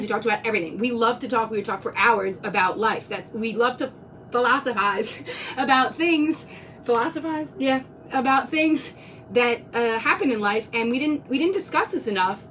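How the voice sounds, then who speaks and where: A woman's voice: fairly high pitch, animated, normal speed, far from the mic, a little hiss or hum. A woman talking earnestly on a live stream, close to tears, rambling and restarting her sentences. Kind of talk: emotional live-stream monologue. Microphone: phone.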